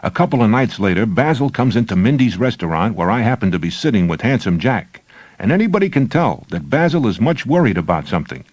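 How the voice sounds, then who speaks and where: Wry male storyteller with lively delivery. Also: fairly low pitch, fairly quick, no room sound. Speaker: narrator. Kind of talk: audiobook reading of a short story.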